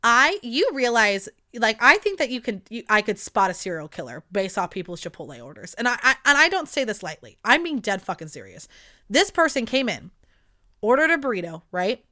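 Young woman, kinda high bright voice, rambly storytime monologue, swears a lot. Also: fairly quick. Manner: animated, rambling, heavy swearing. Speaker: podcast host.

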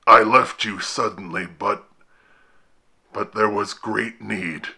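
Male reader plays a pleading, pious castaway from the fog; gravelly, slow and hushed. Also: lowish voice, fairly even intonation, heavily acted. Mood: hushed sorrowful. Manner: slow, halting, subdued delivery. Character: hidden castaway man, sorrowful, pious, pleading. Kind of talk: audiobook horror reading.

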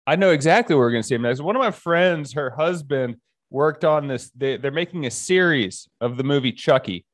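A man's voice: a little high, lively intonation, brisk, no room sound, studio quality. A man co-hosting a sports podcast in casual, teasing banter. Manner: joking, teasing, argumentative. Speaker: podcast co-host.

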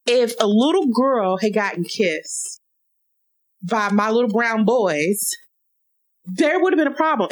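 A woman co-hosting a podcast, talking in an animated, outspoken way and laughing often. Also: fairly high pitch, low-quality recording. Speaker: podcast co-host. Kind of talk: casual podcast chat.

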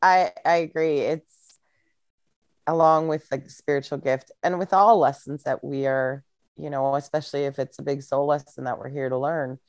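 A woman's voice: low voice, dry recording. A woman co-hosting a casual podcast who agrees with her co-host and thinks aloud in a reflective way. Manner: reflective, backchannels with soft agreement.

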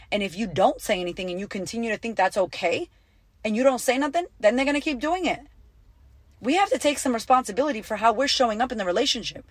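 A woman's voice: fairly high pitch, no echo. A woman hosting a podcast as a life coach, talking in a blunt, profane, emphatic way and repeating lines for punch. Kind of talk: casual motivational podcast talk.

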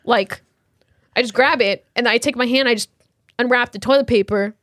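A woman in her twenties co-hosting a podcast, telling stories in lively casual chat and laughing often. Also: a little high, moderate pace, no room sound, studio quality. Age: 20s. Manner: animated storytelling, laughs often. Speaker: podcast co-host.

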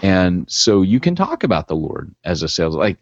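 A man's voice: low voice, sing-song, normal speed, no room sound. A man co-hosting a podcast in casual chat, talking in a blunt, emphatic way. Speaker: podcast co-host. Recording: dull lo-fi podcast audio.

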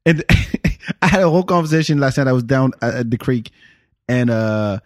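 A man's voice: mid-range voice, lively intonation, moderate pace, no echo, studio quality. A man from Africa hosting a podcast, chatting casually, often stammering and restarting his sentences and laughing easily. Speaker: podcast host.

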